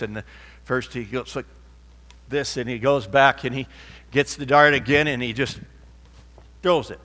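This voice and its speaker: A man's voice: medium pitch, sharp tone. Rambling man preaching in a reverberant hall. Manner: rambling, anecdotal, with fillers and restarts. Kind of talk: sermon with a told joke.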